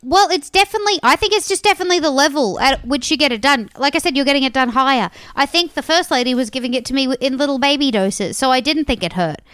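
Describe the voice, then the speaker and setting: A woman's voice: sits high, animated, quick pace, hardly any pauses, fairly bright tone. A young woman chatting playfully on a podcast, swearing casually and giggling.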